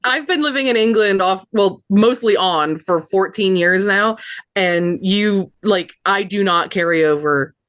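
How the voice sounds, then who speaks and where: A woman's voice: mid-range voice, measured pace, fairly bright tone, no room sound, clean studio sound. A woman with an American accent, chatting casually on a podcast, explaining points frankly and patiently. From United States. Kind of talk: casual chat.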